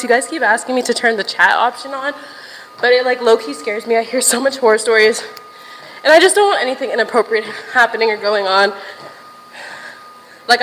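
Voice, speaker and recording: A woman's voice: on the high side, a bit bright, big-room sound, slight background noise, rough recording. A young woman livestreaming from a gym while walking on a stair machine, chatting casually to viewers, a little out of breath and swearing now and then.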